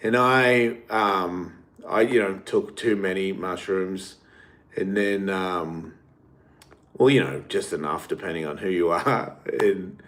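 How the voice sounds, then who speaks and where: A man's voice: low voice, slow, fairly bright tone. Rambling man telling stories. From Australia. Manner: rambling, swearing, laughs often. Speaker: podcast host. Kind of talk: casual storytelling monologue.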